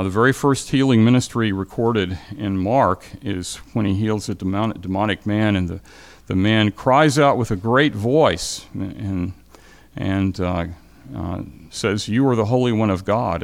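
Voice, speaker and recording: A man with a very low, gravelly voice teaches scripture to a class. He talks in a halting, reflective way, often restarting sentences and searching for words. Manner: thoughtful, halting, many restarts and fillers. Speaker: Bible teacher. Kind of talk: informal Bible lecture.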